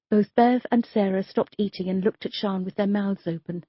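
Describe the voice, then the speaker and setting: A woman narrating a crime novel audiobook in a steady, even storytelling manner. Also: mid-range voice, moderate pace, hardly any pauses, husky, dry recording, muffled recording. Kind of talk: scripted narration.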